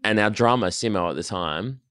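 A man, telling band stories in a casual, animated way, swearing and restarting often. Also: fairly low pitch, fairly quick, clear, resonant tone, dry recording, studio quality. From Australia. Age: 30s. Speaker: band member, guest. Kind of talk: casual storytelling.

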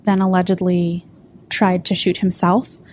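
A woman reporter on a podcast, recounting the details of a case in a measured way, with frequent ums. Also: fairly low pitch, little pitch movement, darkish tone. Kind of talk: podcast discussion.

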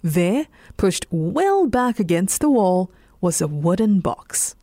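A woman with a Singaporean English accent, reading a bedtime story in a slow, soothing voice. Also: on the low side, no room sound, clean studio sound. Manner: slow, soothing, lively intonation.

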